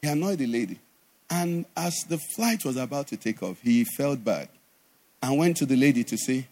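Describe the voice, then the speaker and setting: Delivering a sermon at a moderate pace, this middle-aged pastor is animated but shifts abruptly to a low, conversational register at times.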